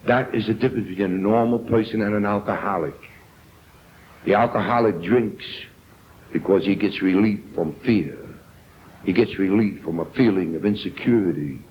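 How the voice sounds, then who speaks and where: A man's voice: fairly low pitch, a little hiss or hum. An older man with a New York accent, telling his own story earnestly to a recovery meeting and acting out the people he quotes. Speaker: AA speaker. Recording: tinny old tape recording.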